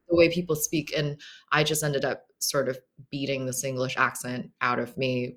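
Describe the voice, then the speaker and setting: A woman's voice: low voice, fairly bright tone. A woman from Hong Kong with a slightly American accent, answering interview questions reflectively and often rephrasing mid-thought. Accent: American-tinged English. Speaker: guest author.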